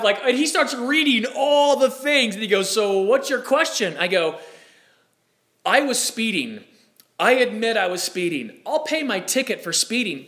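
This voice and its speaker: A man in his forties with a high, bright voice spins a story for a live crowd. He talks animatedly and jumps into the voices of the people he quotes. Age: 40s. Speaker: speaker. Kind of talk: storytelling talk.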